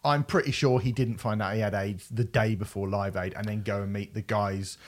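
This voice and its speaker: A man chatting casually as a podcast co-host, animated and often laughing as he acts out scenes. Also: on the low side, a little fast. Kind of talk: casual film review chat.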